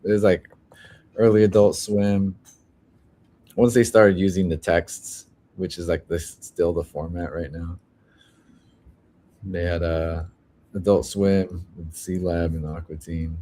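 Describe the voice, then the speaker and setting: A man's voice: deep voice, little pitch movement, slow pace, pauses often, dark tone, a little hiss or hum. A man co-hosting a casual podcast chat, laid-back and full of fillers. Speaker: podcast co-host.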